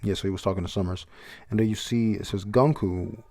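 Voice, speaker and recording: A manga chapter reviewer reads the panels aloud in a blunt, casual way, swearing freely and laughing when something surprises him. His lowish, slightly mellow voice stays steady and runs a little fast.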